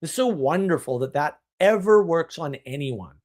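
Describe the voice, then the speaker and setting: Animated, opinionated male live-streamer. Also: fairly high pitch, normal speed. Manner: animated, opinionated, rambling with restarts. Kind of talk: casual live-stream talk answering chat.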